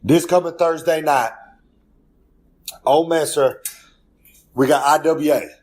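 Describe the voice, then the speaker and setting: A man's voice: a little high, fairly even intonation, slow pace, a little mellow. A man with a Southern US accent delivering a rambling, boastful wrestling promo full of catchphrases. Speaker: wrestler doing a promo segment.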